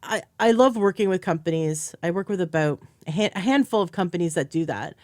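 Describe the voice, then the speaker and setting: A woman's voice: on the low side, brisk, a little mellow, no echo. A woman hosting a podcast as a health coach, talking in an enthusiastic, chatty way. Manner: enthusiastic, chatty, acts out quoted speech. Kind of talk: casual interview chat.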